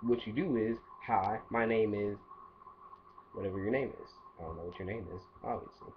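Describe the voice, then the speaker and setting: A man's voice: lowish voice, quick pace. A man giving casual dating advice in a rambling, playful monologue full of asides. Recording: dull lo-fi audio with faint hiss.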